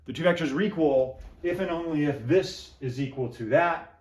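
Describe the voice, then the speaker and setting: A man's voice: fairly high pitch, normal speed. A man lecturing on math to a class, repeating phrases and joking with students while he works at the board. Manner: repeats phrases, jokes with students, talks to himself while writing. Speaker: math professor. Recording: roomy echo.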